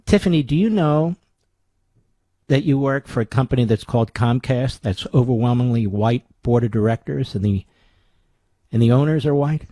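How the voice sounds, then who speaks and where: A man's voice: medium pitch, moderate pace, warm tone, no echo. A man hosting a talk radio show, delivering a sarcastic, combative monologue full of rhetorical questions from a studio microphone.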